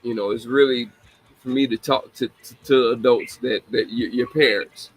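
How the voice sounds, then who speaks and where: A man's voice: mid-range voice, fairly even intonation, moderate pace, breathy edge, dry recording, low-quality recording. A man in his forties hosting a casual live talk show, laughing often and apologizing to young listeners he calls babies. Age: 40s. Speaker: show host.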